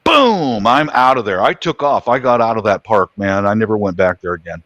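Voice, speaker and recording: A man on a talk panel telling a personal story in casual chat, retelling events with animated energy. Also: on the low side, a little fast, no echo.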